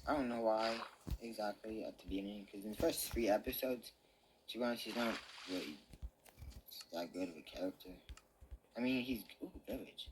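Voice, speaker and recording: Hesitant young man, low voice, faint noise. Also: brisk, low-quality recording. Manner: hesitant, listing things off. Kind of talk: casual fan chat.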